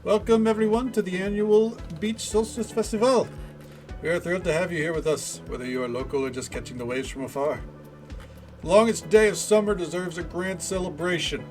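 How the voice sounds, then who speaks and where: A man's voice: high voice, brisk, faint music behind, close to an everyday voice. A man putting on a bubbly French festival hostess. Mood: cheery welcoming. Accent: put-on French accent, poorly done. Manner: bubbly, welcoming announcer tone. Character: cheerful French woman hosting a beach festival. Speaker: reading game dialogue aloud.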